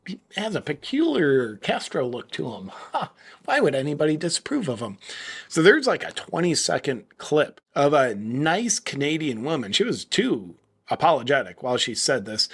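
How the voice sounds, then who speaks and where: A man's voice: on the high side, husky. A man in his forties hosting a political commentary video, mocking and sarcastic, switching into an ad read. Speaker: host.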